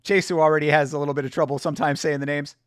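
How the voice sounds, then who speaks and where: Talking rapid-fire in a fairly high, clean-toned voice with a steady tone, a man runs a fight watch-along stream, joking and cursing as he chats with viewers. The recording is dry, with clean studio sound.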